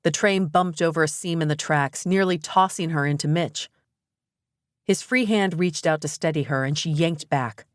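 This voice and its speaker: A woman narrating a romantic comedy audiobook in an even, measured storytelling manner. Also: deep voice, no room sound, clean studio sound. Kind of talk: scripted narration.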